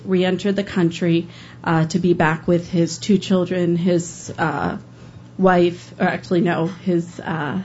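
Brief: lower-voiced woman, earnest stage storyteller, dull recording with a faint hiss. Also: darkish tone. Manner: earnest, hesitant with fillers. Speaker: public defender.

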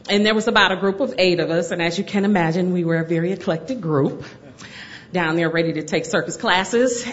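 A middle-aged woman telling a personal story to an audience, animated and laughing through it. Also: mid-range voice, highs cut off.

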